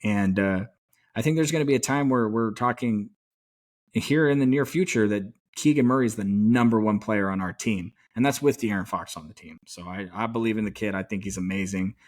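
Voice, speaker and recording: Excitable man talking sports. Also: lowish voice, a little fast. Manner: excited, rambling fan talk with mild swearing. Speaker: podcast co-host. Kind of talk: casual sports chat.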